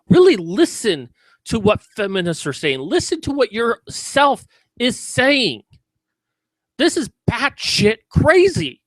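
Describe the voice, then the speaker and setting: A man's voice: high voice, a bit bright, no room sound. A man giving sarcastic, mocking commentary in a video about a news story.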